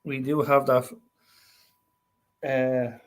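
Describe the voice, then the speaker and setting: A man's voice: mid-range voice, little pitch movement, very slow. A man hosting a casual live stream, chatting between songs and laughing often with apologetic asides. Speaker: musician host of a live stream.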